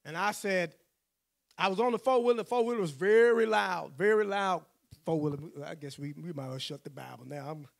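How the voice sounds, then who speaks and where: A man's voice: high-pitched, brisk, vocal fry. A male pastor, telling a personal story in a sermon, acting out the voices he quotes and laughing often.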